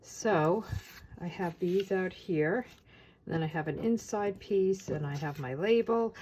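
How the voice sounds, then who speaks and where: Lowish-voiced woman chatting through a craft demo. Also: a little slow, a little hiss or hum. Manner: chatty and relaxed, with frequent filler words while working with her hands. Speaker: papercraft demonstrator. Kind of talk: casual step-by-step craft tutorial.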